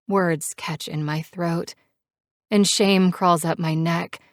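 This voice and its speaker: A woman narrating a first-person romance audiobook with a measured, steady reading on a close mic. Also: on the low side, no room sound.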